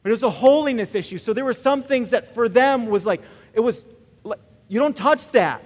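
A male pastor preaches in an animated, conversational way, often checking in with his listeners. His voice sits high for a man. The long reverb of a large hall hangs behind it. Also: brisk. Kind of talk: sermon.

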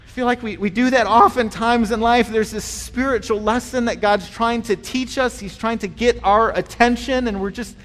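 A man delivers a sermon in a relaxed, conversational manner, often repeating a word as he finds his footing. His voice sits fairly high for a man. The recording has the long reverberation of a large hall. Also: normal speed, hardly any pauses. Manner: conversational and animated, acting out voices in stories; repeats words when starting phrases. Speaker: pastor.

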